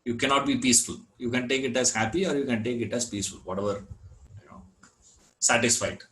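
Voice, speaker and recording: A man teaching a scripture class, unhurried, repeating words and filling gaps with "you know". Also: mid-range voice, a bit bright, low-quality recording. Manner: chants Sanskrit verse. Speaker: Vedanta teacher.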